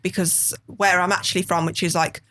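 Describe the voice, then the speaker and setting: A woman's voice: lowish voice, little pitch movement, fairly quick, bright, forceful tone. A woman with a thick Birmingham accent, a model chatting as a podcast guest, laughing often and swearing casually. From England.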